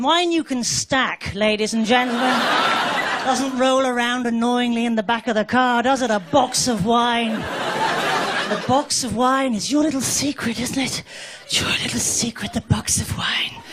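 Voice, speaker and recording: High-voiced English woman doing stand-up. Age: 40s. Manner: chatty, wry, addresses the audience directly. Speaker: stand-up comedian. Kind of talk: stand-up comedy routine. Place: comedy club stage. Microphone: stage microphone. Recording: live club recording with loud crowd. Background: loud audience laughter and crowd noise.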